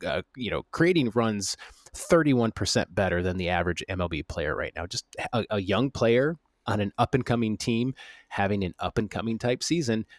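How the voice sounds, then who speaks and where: A man co-hosting a casual sports podcast, reading off stats quickly between stumbling restarts. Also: on the low side, animated, no echo, studio quality. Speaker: podcast co-host.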